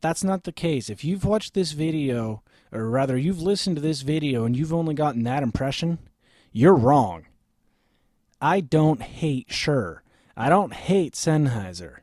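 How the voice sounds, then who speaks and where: Brief: deep-voiced man, gear reviewer, blunt and opinionated, close studio mic, very dry sound. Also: expressive, measured pace, a little mellow, no room sound. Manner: blunt and opinionated, with frequent "okay?" check-ins. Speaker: microphone reviewer. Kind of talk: casual gear review vlog. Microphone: close studio microphone.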